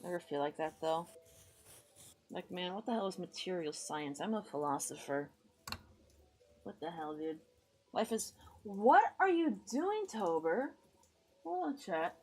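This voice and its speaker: A woman's voice: fairly low pitch, animated, measured pace, pauses often, a little mellow, a little hiss or hum. Rambling woman streamer chatting while drawing. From United States. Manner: rambling, self-deprecating, muttering to herself; greets chat members upbeat and friendly. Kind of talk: casual livestream chat while drawing.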